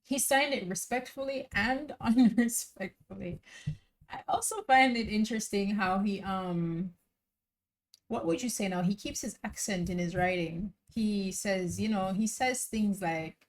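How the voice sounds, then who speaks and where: A woman hosting a reaction channel, thinking out loud in a casual, musing way with many fillers and pauses. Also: medium pitch. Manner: thoughtful, musing, trailing off with frequent laughs and fillers.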